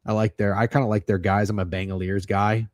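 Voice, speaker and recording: A young man with a lowish voice talks through sports bets in a loose, rambling livestream chat, swearing freely and restarting his sentences as he gets excited. The sound is dry and close, with almost no room around it. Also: brisk, dry recording. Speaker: sports betting show host.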